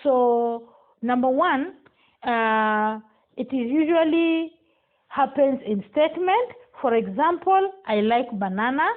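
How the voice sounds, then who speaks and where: A woman gives a classroom lesson in a fairly high voice. She speaks slowly and deliberately and leans on each example sentence. The sound is thin and tinny, like a phone line. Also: animated. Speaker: teacher.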